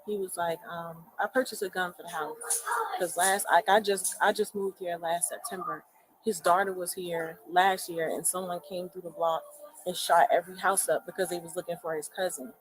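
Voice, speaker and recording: A woman's voice: on the low side, flat delivery, rough recording. Rambling woman recounting to police. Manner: rambling, halting, many fillers. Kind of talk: distressed firsthand account. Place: indoors at a home.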